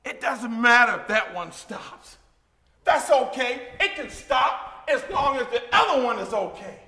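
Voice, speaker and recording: A man preaching a sermon in a church, fervent, with shouted peaks and joking asides. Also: very high-pitched, animated, measured pace. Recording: echoey hall.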